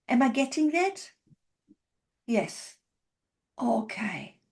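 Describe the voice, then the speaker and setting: A woman couples therapist demonstrates a session for a group, speaking gently and slowly in a voice on the high side, often checking in to validate what she hears.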